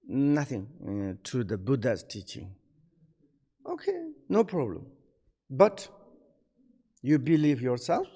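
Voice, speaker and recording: A man with a Tibetan accent gives a Buddhist teaching in halting English. He asks rhetorical questions and answers them himself. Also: medium pitch, a little mellow, big-room sound.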